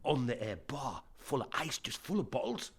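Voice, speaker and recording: In a casual interview, this middle-aged Sunderland punk singer tells anecdotes, swearing freely and acting out the dialogue in his tales, his Sunderland English accent coming through. His mid-range voice is creaky and husky yet very animated, at normal speed, with no echo.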